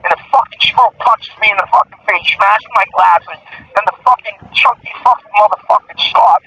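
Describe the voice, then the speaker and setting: A man's voice: sits high, pushed and bright. A man calling in from prison by phone, rambling through a profane story. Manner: profane, fast-running anecdote. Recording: distant phone line with faint noise.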